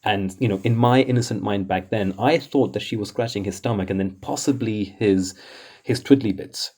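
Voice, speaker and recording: A man's voice: lowish voice, moderate pace, a little mellow. A man hosting comics commentary in a casual, rambling way, exasperated and chuckling often.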